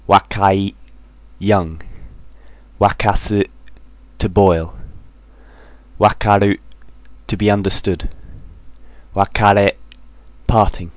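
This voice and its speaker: A man reading a vocabulary list aloud, saying each Japanese word and then its English meaning in a measured drill. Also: low-pitched, no room sound. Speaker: language teacher.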